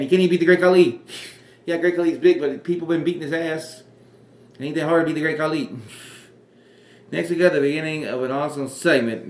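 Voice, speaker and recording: A man's voice: mid-range voice, roomy sound. A man casually reviewing an old wrestling show, sarcastic and profane, rambling.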